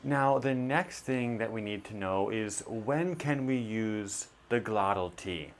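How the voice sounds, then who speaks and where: A man teaching a pronunciation lesson, modeling sounds slowly and deliberately. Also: lowish voice.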